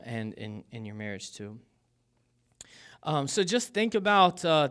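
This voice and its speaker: A man's voice: medium pitch, a bit bright. A young man giving a casual sermon as a pastor, joking and poking fun at himself, with plenty of ums and uhs. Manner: joking and self-deprecating, with many fillers.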